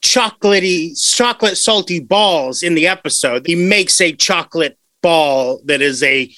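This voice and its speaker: A young man hosting a late-night podcast, excitable and swearing, often laughing. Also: on the high side, moderate pace, dry recording. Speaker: podcast host.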